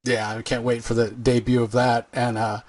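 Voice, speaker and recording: A man's voice: medium pitch, little pitch movement, normal speed, darkish tone, no room sound. A man hosting a casual interview, asking long rambling questions full of fillers and earnest praise. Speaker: podcast host.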